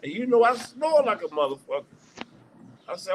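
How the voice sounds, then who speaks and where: A man's voice: sits high, sing-song, moderate pace, slight background noise, poor audio. A man hosting a livestream, telling a long profane story in a rambling, casual way with lots of restarts. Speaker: stream host.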